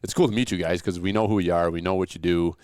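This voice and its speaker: A man's voice: sits low, steady tone, fast, a little mellow, smooth, no room sound, clean studio sound. A man hosting a casual podcast, chatting and joking easily with his guests. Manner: joking, easygoing banter. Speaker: podcast host.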